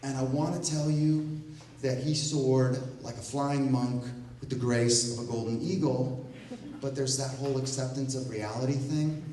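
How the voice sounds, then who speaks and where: Male storyteller for a live comic piece, lively delivery with wry asides, recorded from a distance in a very echoey room. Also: medium pitch, moderate pace, a little hiss or hum. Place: event room at a library.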